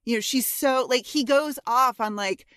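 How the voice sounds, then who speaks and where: A woman co-hosting a podcast, talking in loose, halting casual chat. Her voice sits on the higher side and she often stops to search for the right word, swearing now and then. The recording is dry and close, with no room sound. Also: a bit bright, clear, resonant tone, no echo. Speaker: podcast co-host.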